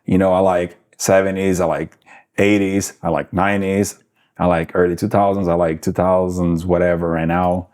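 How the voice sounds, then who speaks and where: Deep brazilian guy in his 40s, accented, lots of uhs and restarts. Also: level tone, darkish tone. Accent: Brazilian Portuguese. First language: Portuguese. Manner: halting, many fillers and restarts. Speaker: guest musician. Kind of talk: casual interview chat.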